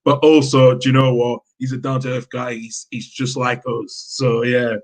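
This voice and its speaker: A man from Yorkshire, England talks football on a casual live stream as a passionate fan. His medium-pitched voice moves at a normal speed, and he's animated and fervent, frequently restarting what he's saying.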